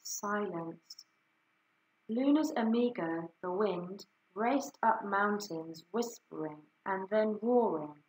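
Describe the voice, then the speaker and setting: Slow expressive woman reading a children's story. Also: mid-range voice. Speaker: story reader. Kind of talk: children's story read-aloud. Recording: echoey room.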